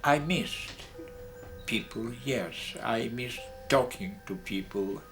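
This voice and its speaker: An older man speaks slowly and haltingly in an interview, his voice gravelly with fry. Guitar music plays clearly behind him. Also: medium pitch. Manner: quiet, halting, thoughtful. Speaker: neighbour living alone.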